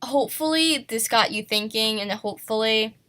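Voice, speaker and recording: A woman's voice: a little high, moderate pace, fairly bright tone. A woman who is sick, teaching an art lesson in a casual, self-conscious way and apologizing for herself. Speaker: art tutorial host.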